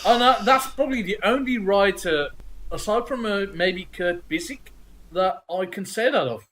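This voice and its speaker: A man co-hosting a casual chat over a video call, rambling excitably about comics and swearing freely. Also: high voice, moderate pace, slight background noise. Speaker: podcast co-host.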